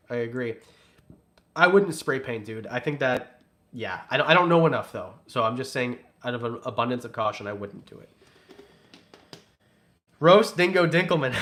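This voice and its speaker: A man's voice: mid-range voice, fairly bright tone. A man hosting a casual livestream, reading super chats and teasing in a joking, rambling way. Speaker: livestream host.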